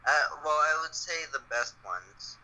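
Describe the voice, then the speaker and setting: A friend on voice chat talks casually about games at a measured pace, his fairly high voice sharp in tone with lively intonation. He rambles with lots of fillers, especially "like," and the rough recording carries faint noise behind him.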